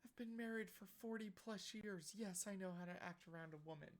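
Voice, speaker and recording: A woman's voice: medium pitch, a little fast, voice pushed up, lightly acted. Woman playing a blunt centuries-old man. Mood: dry. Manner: blunt and dry. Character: curt, centuries-old gentleman, impatient.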